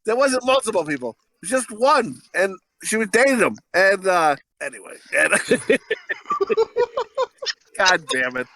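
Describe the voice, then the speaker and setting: A man's voice: high voice, very animated, a little slow, bright, forceful tone, no room sound. A man co-hosting a podcast, talking in a crude, rambling way and laughing often. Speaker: podcast co-host. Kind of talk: casual podcast chat.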